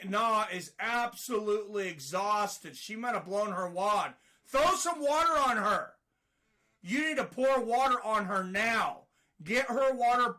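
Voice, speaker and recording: A man giving excited live play-by-play fight commentary, rising to shouts at big moments. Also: high voice.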